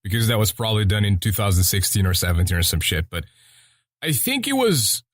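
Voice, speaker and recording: A man's voice: fairly low pitch, very animated, brisk, no echo, studio quality. A man hosting a podcast in casual chat, rambling and swearing freely as he rants. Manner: rambling and profane. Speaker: podcast host.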